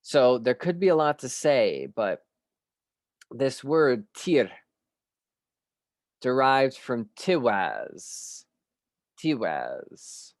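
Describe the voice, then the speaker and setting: A man giving an unscripted spiritual studies lecture, measured and musing, pausing often and posing rhetorical questions. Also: mid-range voice, no echo, clean studio sound. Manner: clears his throat now and then.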